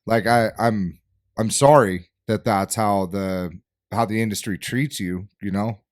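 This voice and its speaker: A man's voice: on the low side, measured pace, no room sound, studio quality. Emphatic, profane male co-host. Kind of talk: casual podcast conversation.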